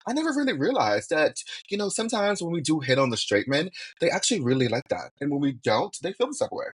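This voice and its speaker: Husky-voiced chatty male podcast host. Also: fairly high pitch, very animated, fast talker. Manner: chatty, affirming, fills with yeah. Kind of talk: casual podcast chat.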